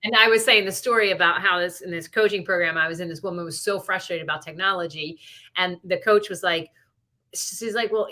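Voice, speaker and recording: A woman's voice: fairly low pitch, sharp tone. A middle-aged woman co-hosting a podcast, telling stories in a casual, rambling way with many likes and you knows. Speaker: podcast co-host. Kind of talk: casual chat.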